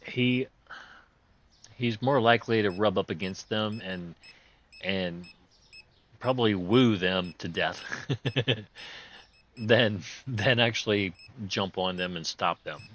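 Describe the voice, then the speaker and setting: A low-pitched man chats through a game session with a hoarse voice that is still on the mend. His tone is sharp and forceful. He rambles, cracks jokes and chuckles as he goes, in folksy, loose grammar. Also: takes it slowly, long pauses, slight background noise. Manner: joking, rambling, chuckles often. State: hoarse, recovering voice. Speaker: host playing a video game. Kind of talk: casual gameplay commentary.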